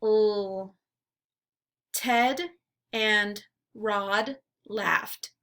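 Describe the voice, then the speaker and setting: A woman teacher leading a phonemic awareness lesson, saying words slowly and clearly for children to repeat. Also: mid-range voice, fairly bright tone. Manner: slow, clearly enunciated word drills.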